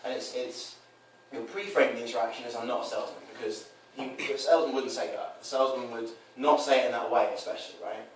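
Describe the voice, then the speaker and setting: A dating coach speaks fast, with hardly any pauses, in a medium-pitched voice, casually explaining his coaching. He animatedly performs the quoted parts in changed voices. The recording is echoey, distant and slightly noisy.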